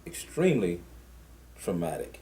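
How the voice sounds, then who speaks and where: A man hosting a talk show in a studio. He speaks softly and encouragingly, with occasional lively asides. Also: low-pitched, a little slow. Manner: soft-spoken and encouraging, breaks into lively asides. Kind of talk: interview hosting.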